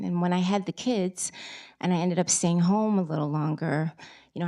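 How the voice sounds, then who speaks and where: A woman, an author, reading from her book and then telling a lively story about her start as a writer. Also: medium pitch, gravelly. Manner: lively storytelling, animated quoting. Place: bookstore event.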